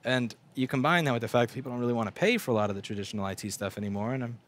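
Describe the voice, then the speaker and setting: A man's voice: medium pitch, racing. A man talks off the cuff on a livestream from his repair bench, blunt and profane. He stops and restarts sentences and leans on fillers, in a mid-range voice. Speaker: livestream host and repair technician. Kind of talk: rambling casual livestream talk. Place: repair shop workbench.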